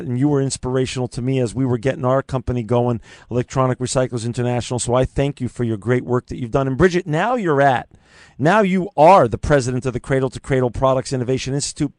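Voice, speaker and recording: A man's voice: mid-range voice, darkish tone, dry recording. Effusive male radio host, dry sound. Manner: effusive, full of praise, many restarts. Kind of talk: casual interview chat.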